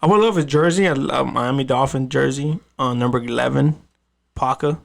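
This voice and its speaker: With a gravelly, medium-pitched voice at a moderate pace, this man hosts a podcast and rambles through casual stories, swearing freely and restarting often.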